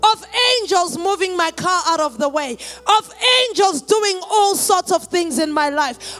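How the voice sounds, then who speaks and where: Very high-pitched, bright-voiced woman preacher. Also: unhurried, hardly any pauses, soft background music. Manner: builds from quiet testimony to shouted exhortation. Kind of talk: sermon.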